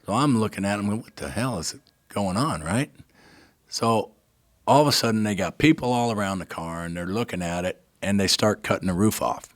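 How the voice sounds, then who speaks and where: Clean studio audio with no room sound captures an older man, fairly low in pitch and speaking at normal speed, as he recounts a personal story on a talk show. He tells it with emotion and animation, voicing the people involved and often adding "right?".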